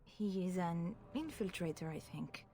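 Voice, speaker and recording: A woman's voice: lowish voice, lively intonation, unhurried, dark tone, breathy edge, full character voice. An actress playing a frightened noblewoman and mother in a video game, speaking in an anxious, hesitant, pleading way. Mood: fearful.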